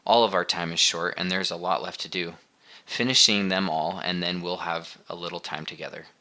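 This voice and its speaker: A man reading the part of a gentle, tearful mother who speaks softly and patiently in an audiobook. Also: low voice, steady tone, a little fast. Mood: tender. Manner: soft, soothing, quiet.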